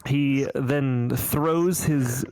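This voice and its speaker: A man's voice: medium pitch, very slow, over a noisy crowd. A man co-hosting a podcast, casually recapping a cartoon episode in a rambling, self-correcting way. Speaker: podcast co-host.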